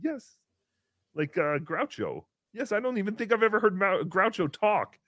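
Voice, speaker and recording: A man doing Tukey, a whiny high-voiced showman. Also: expressive, moderate pace, a bit bright, no echo. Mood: mock-sentimental. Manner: speaks of himself in third person, whiny and melodramatic. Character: silly, self-pitying, nasal-voiced male showman. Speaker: livestream show host. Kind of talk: comedic live-stream character bit.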